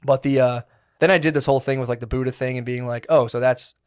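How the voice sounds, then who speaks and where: Fast-talking man telling a rambling story. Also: mid-range voice, clear, resonant tone. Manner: rambling, profane, animated retelling with quoted inner voices. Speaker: podcast co-host. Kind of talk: casual storytelling.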